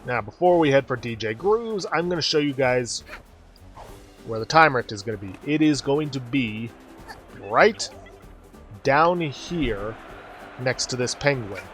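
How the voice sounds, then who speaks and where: A man's voice: medium pitch, expressive, a little slow, pauses often, fairly bright tone, faint music behind. A man hosting a let's play, explaining the game step by step as he plays. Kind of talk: casual game commentary.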